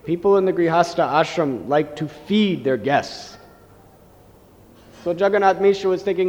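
A man tells a devotional story in a gentle, reverent sermon manner. His voice sits somewhat high for a man. A long reverb from a large hall follows his words. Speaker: preacher.

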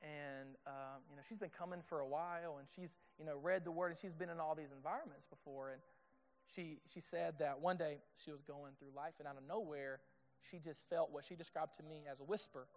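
High-voiced man preaching conversationally. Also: steady tone, fairly quick. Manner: conversational preaching, asks the audience questions; drops to a hushed tone on intimate points. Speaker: pastor. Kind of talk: sermon.

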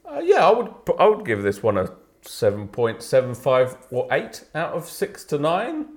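A man co-hosting a podcast in casual chat, playful and laughing, with halting, restarting phrases. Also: on the high side, huge pitch swings. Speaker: podcast co-host.

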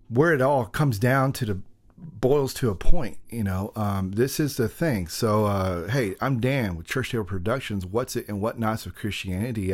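A man hosting a podcast, talking in a casual, rambling monologue full of jokey self-deprecating asides. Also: on the low side. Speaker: podcast host.

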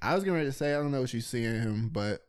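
Young male co-host, mid-pitched voice, relaxed teasing banter. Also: rapid-fire, clean tone. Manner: easygoing, teasing, reads questions aloud. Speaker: podcast co-host. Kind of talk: casual chat.

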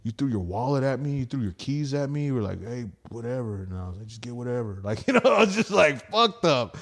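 A young man, a stand-up comic guesting on a podcast, telling wild party stories in a rambling, profane, animated way. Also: mid-range voice, fast. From Houston area. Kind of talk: casual storytelling chat.

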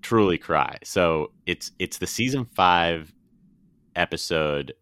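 Brief: very deep male podcast host, crisp and bright, leads the talk. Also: animated, takes it slowly, dry recording. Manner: leads the segment, recaps and asks the others in turn. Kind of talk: casual chat.

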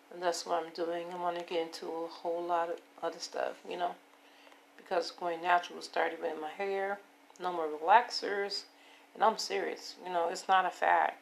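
A woman in her fifties with a hoarse voice, rambling and repeating herself as she talks to her viewers about taking care of herself. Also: lowish voice, level tone, a little slow, a little hiss or hum. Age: 50s. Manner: rambling, repetitive, self-affirming. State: hoarse, voice giving out. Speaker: vlogger. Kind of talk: casual personal monologue.

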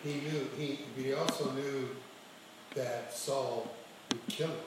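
A man in a study group, making quiet, slow comments. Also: medium pitch, steady tone. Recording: distant voice in echoey room with noise.

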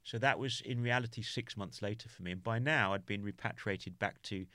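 Guesting on a podcast, a man from the UK talks through a painful memory in a low voice that comes across pushed and bright. Recorded dry and close, there is no echo or room sound. He keeps stumbling and restarting, filling gaps with "you know."

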